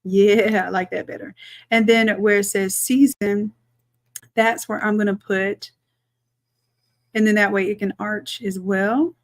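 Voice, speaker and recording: A woman, a design instructor chatting through a live-streamed software tutorial, talking to viewers as y'all and thinking aloud as she works. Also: mid-range voice, little pitch movement, a little slow, pauses often.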